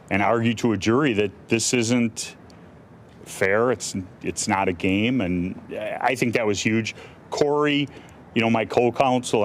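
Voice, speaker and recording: A man's voice: lowish voice, slight background noise. A middle-aged male defense attorney answering reporters' questions bluntly, with many restarts and fillers. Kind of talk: press conference answers.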